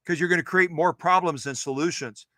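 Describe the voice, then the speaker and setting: Man, livestream workshop host, chatty, rambling, repeats himself, fairly high voice, bright forceful tone. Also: brisk, dry recording. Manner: chatty, digressive, repeats phrases. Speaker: sewing machine restorer, show host. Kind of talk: live-stream workshop demonstration.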